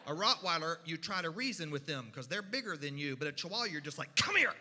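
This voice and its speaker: A storyteller spins a funny tale in a folksy, animated way, sprinkling in sound effects and voices. The voice sits high for a man and sounds very bright. It carries through a church hall with a long, ringing echo. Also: quick pace. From Kentucky mountains. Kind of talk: humorous storytelling. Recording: reverberant hall.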